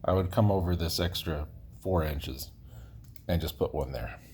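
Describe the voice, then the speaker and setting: A man's voice: very deep voice, measured pace, a little mellow, breathy edge. A man chatting casually and bluntly while he builds, drifting into stories and joking about himself. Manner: rambling and outspoken, jokes about himself. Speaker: DIY builder host.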